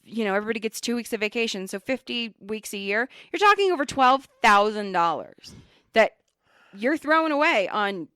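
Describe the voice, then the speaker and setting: A woman with a somewhat high voice that swoops up and down as she spins a blunt, foul-mouthed story from work. She talks in a loose, chatty way. The sound is close and dry, with no room echo. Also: moderate pace, smooth. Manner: animated, blunt and profane. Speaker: podcast co-host. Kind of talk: casual storytelling chat.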